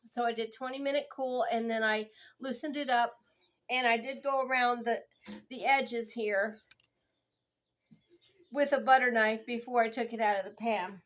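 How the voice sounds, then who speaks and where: A woman's voice: fairly high pitch, steady tone, normal speed. A woman, chatting casually to viewers in a home cooking vlog. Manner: chatty and homey, addressing viewers as guys and y'all. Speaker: home baking vlogger.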